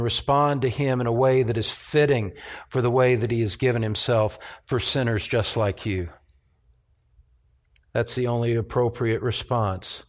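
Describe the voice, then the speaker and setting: A male pastor preaching in church, his voice at a middle pitch. He speaks in an earnest, measured way and rises into a plea at times. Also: fairly even intonation. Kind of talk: Christmas Eve sermon and communion prayer.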